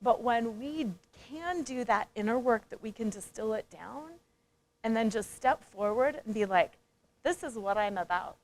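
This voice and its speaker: Woman, high voice, coach giving a motivational conference talk, playful and interactive. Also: measured pace. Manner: lively, playful, engages audience with questions; acts out quoted voices. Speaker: speaker and coach.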